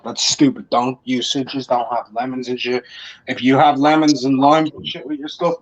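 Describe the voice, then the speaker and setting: A man's voice: mid-range voice, level tone, normal speed. A man giving crude, emphatic advice in a casual chat on a livestream. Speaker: panel guest on a sports talk stream. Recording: dull lo-fi stream audio.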